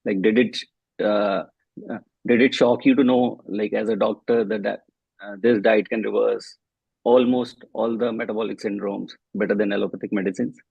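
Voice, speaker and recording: Raspy man on a dull dry line. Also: lowish voice, steady tone, moderate pace, dry recording. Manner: hesitant, stumbling. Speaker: health coach, co-host. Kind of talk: interview questions.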